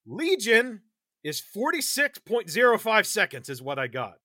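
A man hosting a podcast, recapping a film in casual chat, animated and quick to laugh. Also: high-pitched, no room sound, clean studio sound. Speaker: podcast host.

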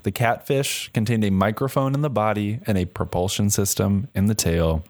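A man hosting a casual comedy podcast, telling stories with lots of laughter and quick jokes. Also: on the low side, dry recording, studio quality. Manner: animated, laughing storyteller. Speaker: podcast host presenting gadgets.

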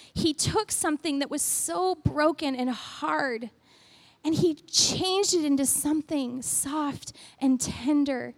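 A woman who leads worship, telling a chatty story full of "like" that turns into an earnest devotional exhortation. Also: high voice. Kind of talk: devotional talk.

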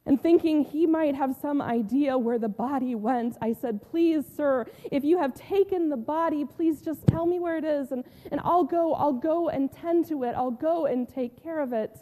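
A woman pastor playing a grieving, devoted woman disciple in a first-person sermon retelling, telling it heartfelt with long pauses and soft drops. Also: high-pitched, long reverb tail, close to an everyday voice. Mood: awed.

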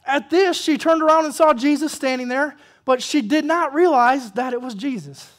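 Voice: high-pitched, normal speed. A pastor preaching a sermon, repeating key phrases for emphasis and asking the congregation questions. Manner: asks the congregation questions, calls for amen.

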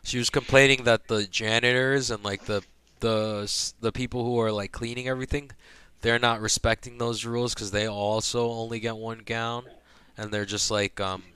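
A young man casually telling a hospital story, profane and animated, acting out the people he quotes. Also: medium pitch, normal speed, clean tone, no echo.

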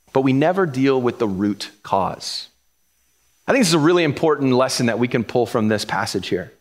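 Animated man preaching a casual sermon. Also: a little high. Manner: conversational and animated, acting out quoted voices; repeats words while building points. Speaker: pastor.

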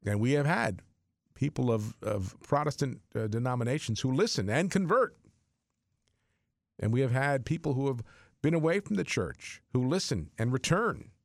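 Gravelly, excitable male radio host. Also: mid-range voice, normal speed, no echo, studio quality. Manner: earnest and excitable, with many restarts. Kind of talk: on-air fundraising appeal.

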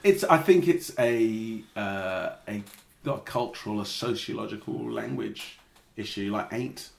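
A man co-hosting a casual podcast chat, talking reflectively with halting restarts. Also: on the low side, creaky, slight background noise. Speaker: podcast co-host. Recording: roomy echo.

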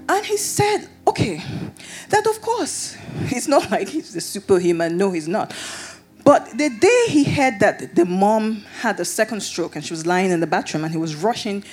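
A woman pastor preaching a sermon, telling a personal story in an animated way that rises into excited shouts. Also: mid-range voice, normal speed, soft background music.

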